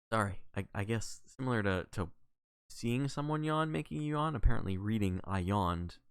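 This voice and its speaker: A man reading a novel aloud on a live stream, measured, with casual asides when he corrects himself. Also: mid-range voice, lively intonation, clear, resonant tone, no echo.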